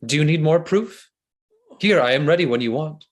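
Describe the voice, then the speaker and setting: Over a video call, a man takes part in a play reading, voicing a noble seducer full of insincere flattery and ardent, flowery declarations. His voice sits a little high, and he speaks at a normal speed.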